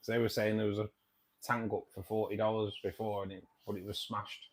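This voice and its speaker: A man's voice: lowish voice, level tone, a little fast. A man hosting a casual livestream, reading viewer comments and chatting in a jokey way, often repeating himself.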